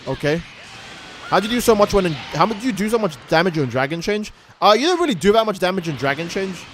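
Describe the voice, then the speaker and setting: Male streamer, profane ranting commentary, lively and high-pitched. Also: fast, slight background noise. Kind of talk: casual gaming stream commentary.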